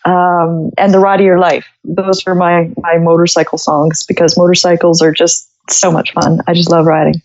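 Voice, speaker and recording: A woman's voice: on the low side, flat delivery, normal speed, few pauses, a little mellow, lo-fi sound. A woman from Canada, chatting as a podcast guest, telling jokey stories and laughing often. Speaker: podcast guest, musician and gardener. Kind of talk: casual interview chat.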